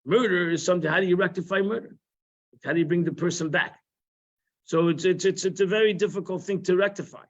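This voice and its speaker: High-voiced man teaching a Torah class. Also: fast. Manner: conversational, repeats phrases, sprinkles Hebrew and Yiddish terms. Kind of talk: informal religious lesson. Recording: muffled live-stream audio.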